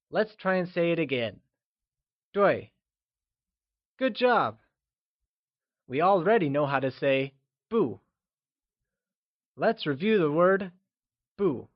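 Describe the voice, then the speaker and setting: A man narrating a scripted language lesson, modeling words slowly and praising the learner's attempts. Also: fairly high pitch, dry recording, muffled recording. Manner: slow, careful pronunciation drills with upbeat praise. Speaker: language teacher.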